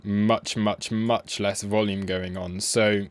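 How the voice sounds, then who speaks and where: A man streaming live as a crypto trader, walking through price charts in a relaxed, rambling way with frequent ums and restarts. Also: on the low side, takes it slowly, clear, resonant tone, no room sound. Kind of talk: casual livestream chart commentary.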